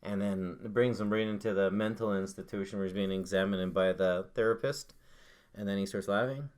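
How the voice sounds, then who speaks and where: Laid-back low-voiced man co-hosting. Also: fairly even intonation, brisk, a little mellow, smooth. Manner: laid-back, swears casually, uses fillers. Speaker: co-host. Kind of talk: casual chat.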